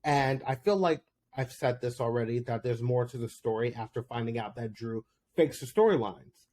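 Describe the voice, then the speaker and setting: Male podcast host, mid-range voice, casual solo commentary, candid, laughs easily, spikes high when excited. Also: moderate pace, slight background noise. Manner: chatty, candid, with laughs and sudden high bursts.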